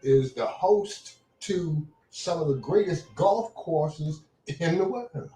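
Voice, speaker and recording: An older man, telling rambling, animated anecdotes in casual chat as a show host. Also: on the high side, slow pace. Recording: echoey room.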